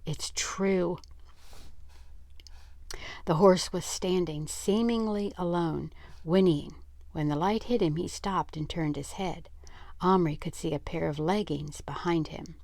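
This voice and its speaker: A woman's voice: lowish voice, unhurried, vocal fry, darkish tone, no echo, studio quality. An older woman reading a children's book aloud, stopping for chatty asides. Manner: chatty asides between passages.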